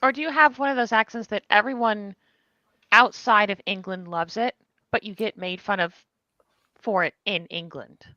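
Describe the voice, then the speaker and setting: A woman's voice: medium pitch, moderate pace, pushed and bright, no echo, muffled recording. A woman chatting easily in a group video call and laughing often.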